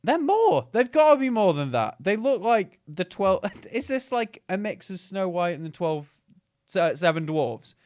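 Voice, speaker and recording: A man co-hosting a podcast, excitable and swearing, laughing often. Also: sits high, a little slow, dry recording, studio quality. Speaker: podcast co-host. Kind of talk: casual comedic chat.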